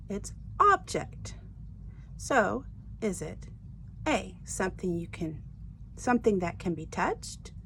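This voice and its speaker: A woman teacher explaining word stress in a slow, deliberate way, stressing each syllable. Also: mid-range voice, vocal fry, a little hiss or hum. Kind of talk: recorded lesson on homographs.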